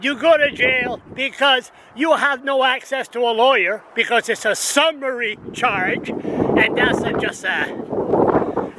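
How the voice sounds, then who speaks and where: A man in his sixties ranting to a camera on a stand outdoors, agitated and rambling, repeating himself, with wind and traffic around him. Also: extremely high pitch. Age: 60s. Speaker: vlogger. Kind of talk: casual rant to camera. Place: outdoors in windy town street with traffic. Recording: outdoor street noise and wind.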